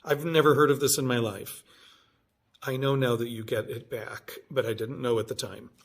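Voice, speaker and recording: A man in his fifties telling a rambling personal story in a casual vlog, often correcting himself and getting animated when he quotes himself. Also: medium pitch, moderate pace. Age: 50s. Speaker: vlogger.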